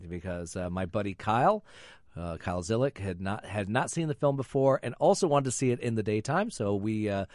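A man's voice: lowish voice, expressive, brisk, a little mellow, no echo, studio quality. A middle-aged man hosting, telling stories in a rambling, self-interrupting way with chuckles. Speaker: host. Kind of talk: casual chat.

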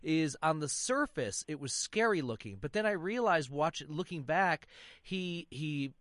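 A man's voice: fairly high pitch, lively intonation, a little slow, fairly bright tone, no room sound. A man from Michigan interviewing a guest, asking curious, chatty questions that ramble a little.

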